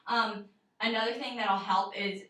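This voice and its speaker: A woman's voice: medium pitch, steady tone, unhurried, a bit bright. Young woman teaching singing in echoey room. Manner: casual, chatty, many fillers and laughs. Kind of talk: one-on-one singing lesson. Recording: roomy echo, mic far off.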